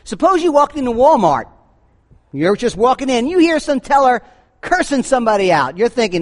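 A man preaching a sermon, animated, swinging between booming lines and low asides. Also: moderate pace. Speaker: pastor.

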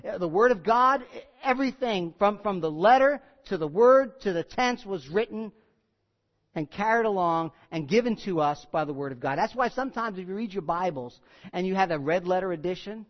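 A man preaching a sermon as pastor, emphatic, building to loud peaks and dropping low. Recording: dull sound in a large reverberant hall.

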